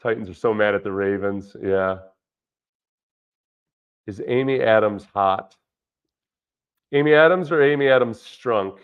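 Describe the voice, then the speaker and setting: Guy doing a chatty sports stream from home, rambly, dull lo-fi audio that cuts out. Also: medium pitch. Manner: rambling, reacts to viewer chat. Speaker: livestream host, former football player. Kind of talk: casual livestream chat. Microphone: studio dynamic mic through a budget audio interface.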